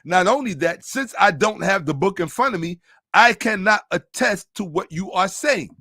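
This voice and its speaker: A man's voice: high voice, animated, bright, forceful tone, no room sound, clean studio sound. A middle-aged man hosting his own channel, talking casually and emphatically, drawing out key words as he tells a story. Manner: emphatic, drawn-out stresses, storytelling. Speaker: host. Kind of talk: casual monologue commentary.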